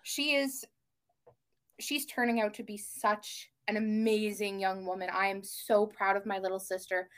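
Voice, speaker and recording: A young woman guesting on a podcast, telling family stories in casual chat with lively gasps. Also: medium pitch, a little slow. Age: young adult. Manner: animated storyteller, gasps and mimics family voices.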